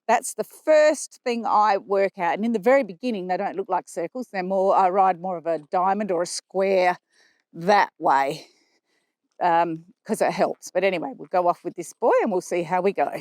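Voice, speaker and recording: Woman trainer talking calmly while riding. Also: fairly low pitch, normal speed, dry recording. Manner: calm and explanatory, praising the horse in soft asides. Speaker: horse trainer. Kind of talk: instructional commentary while riding. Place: riding arena.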